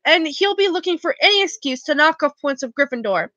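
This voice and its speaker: A woman's voice: sits high, animated, brisk, bright, forceful tone, dull audio. A woman voicing a stern team captain. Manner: stern, scolding. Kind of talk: audiobook character voice.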